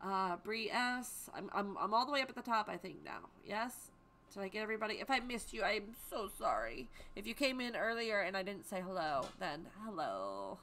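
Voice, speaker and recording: A woman's voice: mid-range voice, big pitch swings, normal speed, fairly bright tone, a little hiss or hum. A woman hosting a live stream from home, chatting casually and greeting viewers by name. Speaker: livestream host.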